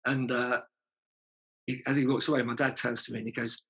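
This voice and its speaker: A man's voice: medium pitch, flat delivery, fairly quick, fairly bright tone, breathy edge, poor audio. A man, a musician being interviewed, telling anecdotes in a chatty way, laughing and swearing freely. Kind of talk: casual anecdotal storytelling.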